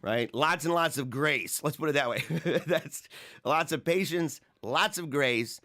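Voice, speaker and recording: An adult man, married with young children, hosts a livestream show, chatting casually and rambling while he reads viewer comments, mocking them and laughing often. His voice is on the high side, bright and forceful, and he speaks unhurriedly.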